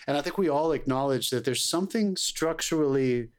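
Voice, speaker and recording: Guy gushing about movies on a podcast, mid pitch, rambles and swears a lot. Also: a little fast. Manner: enthusiastic, profane, rambling. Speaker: podcast co-host. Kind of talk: casual movie debate.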